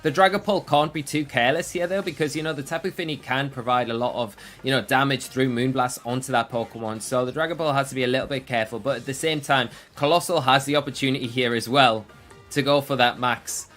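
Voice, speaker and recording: A man's voice: mid-range voice, steady tone, fast talker, a bit bright, faint music behind. A man commentating a competitive game match, breaking down plays analytically and thinking aloud with frequent restarts. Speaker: esports commentator.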